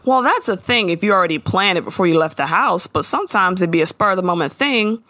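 A woman's voice: fairly low pitch, fast, no echo. Woman chatting on a dry-mic podcast. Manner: animated, laughing, slangy storyteller. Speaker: podcast co-host. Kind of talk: casual recap chat.

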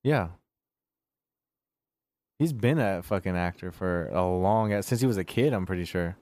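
A man's voice: low-pitched, lively intonation, a little slow, darkish tone, no echo. A man co-hosting a podcast, chatting casually about movies in a loose, rambling way, with plenty of fillers and swearing. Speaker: podcast co-host.

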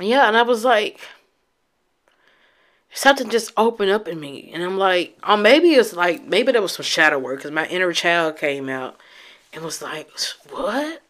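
A woman vlogger telling a personal story in a candid, emotional, reflective way, with halting restarts and casual swearing. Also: fairly low pitch, lively intonation, fairly bright tone.

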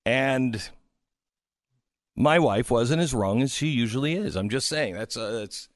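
Animated middle-aged male radio host. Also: mid-range voice, unhurried, no echo, clean studio sound. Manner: animated, joking, mimics voices in quotes. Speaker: radio talk show host. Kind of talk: casual radio talk and live ad reads. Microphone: studio microphone.

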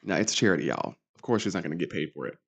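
A young adult man hosting a reality TV recap, talking in a sassy, campy, animated way with big swings in pitch. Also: racing, gravelly, husky. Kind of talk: casual recap monologue.

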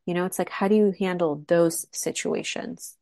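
Woman, lowish voice, encouraging co-host, rhetorical questions, dry sound. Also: steady tone, moderate pace, mellow, dry recording. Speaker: podcast co-host. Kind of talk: casual conversational podcast.

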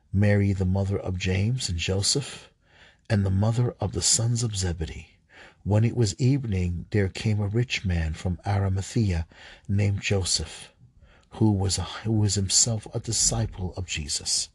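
A man reading scripture aloud, halting at times, stumbling and rereading lines. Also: on the low side, steady tone, darkish tone, slightly rough, dry recording. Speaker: scripture reader.

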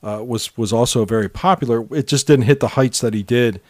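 A man co-hosting a podcast, chatting casually about old pop hits and telling stories, sometimes trailing off softly. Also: medium pitch, a little fast, dry recording, clean studio sound. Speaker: podcast co-host. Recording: music playing under the talk.

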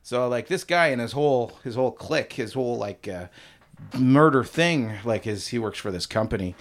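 A man's voice: medium pitch, animated, normal speed, lightly acted. A man improvising a simple-minded husband who sells his homemade beer, telling his story in a rambling, defensive way and laughing as he goes. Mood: blustery. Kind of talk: improvised comedy interview.

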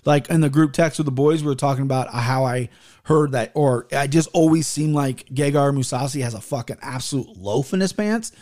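A podcast host in his thirties talks briskly in a medium-pitched, darkish voice. His storytelling is loose and profane, wandering off and restarting a lot.

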